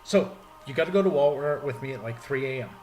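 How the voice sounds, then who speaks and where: A man's voice: mid-range voice, lively intonation, fast, a little mellow. A man chatting casually and telling funny stories in a jokey, playful way. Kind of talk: casual comedic chat.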